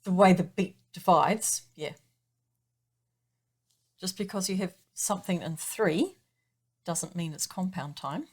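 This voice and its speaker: A woman teaching piano in a patient, chatty way, her voice pitched a little low. She explains rhythm step by step and counts the beats aloud in an even pulse. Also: slow pace, pauses often, breathy edge. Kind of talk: explaining music theory in a lesson.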